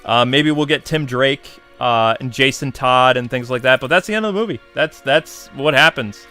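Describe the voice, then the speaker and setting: Bright-voiced, animated male reviewer. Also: mid-range voice, normal speed, clear, resonant tone, soft background music. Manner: animated, slangy and exasperated. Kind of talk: casual spoken review.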